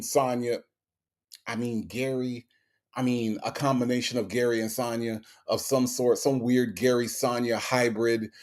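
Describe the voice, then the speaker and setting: A man hosting a casual commentary, talking bluntly and profanely and picking apart the words of a radio call. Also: mid-range voice. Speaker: host reacting to a radio clip.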